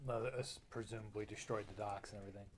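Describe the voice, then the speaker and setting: A man's voice: lowish voice, fairly even intonation, fast talker, slight background noise. A man playing in a tabletop game, chatting casually and playfully with the game master. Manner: playful, laughs easily. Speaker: player.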